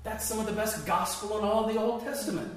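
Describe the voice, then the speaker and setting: A man's voice: high-pitched, fairly quick, distant mic, a little hiss or hum. A man leading a small Bible study class, asking the group questions as he teaches. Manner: conversational, asks the group questions. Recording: echoey room picked up from afar.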